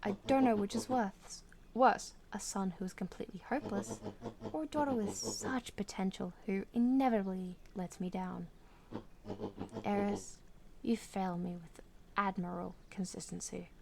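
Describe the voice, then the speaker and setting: A woman's voice: medium pitch, creaky, noisy background, natural voice. An Australian woman voicing a pompous, cruel old male bird villain in a storybook game, speaking in a theatrical, sneering way. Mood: gloating. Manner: theatrical, sneering, slow and grand.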